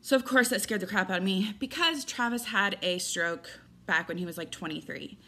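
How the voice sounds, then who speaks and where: A woman's voice: medium pitch, moderate pace, sharp tone. A woman vlogging from home in a casual chatty way, rambling with lots of fillers and restarts. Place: indoors at home.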